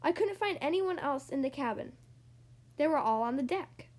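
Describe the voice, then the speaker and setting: Woman narrator for a children's storybook, high voice, very lively reading. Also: normal speed. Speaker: storybook reader. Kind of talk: storybook read-aloud narration.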